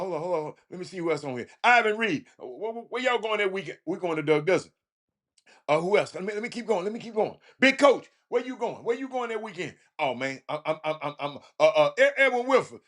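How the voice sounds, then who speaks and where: A man hosts a loose talk show monologue over the phone, his voice sitting noticeably high. He speaks with a drawl and lectures his listeners. He keeps stammering and restarting his lines as he goes. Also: fairly bright tone. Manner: preachy, repeats himself, stammering restarts. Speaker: show host. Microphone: phone call.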